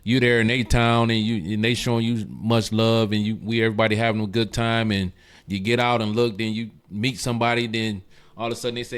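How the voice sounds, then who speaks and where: A man's voice: brisk, clean tone. A man, a car club president, telling stories in a casual interview and acting out the voices of the people he quotes. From Michigan. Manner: animated, acts out quoted voices with big jumps in pitch.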